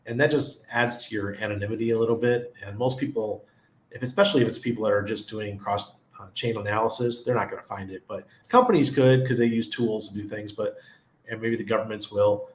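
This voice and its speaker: A man's voice: lowish voice, fairly even intonation, fairly quick, echoey room. A middle-aged man hosting a casual livestream chat who laughs often and greets viewers by name. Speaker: livestream host.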